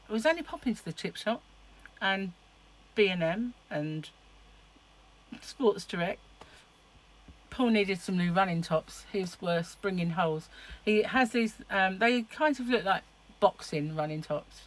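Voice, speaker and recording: A woman's voice: mid-range voice, animated, measured pace, rough recording. A middle-aged woman chatting casually to camera in a rambling, laughing way. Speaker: vlogger.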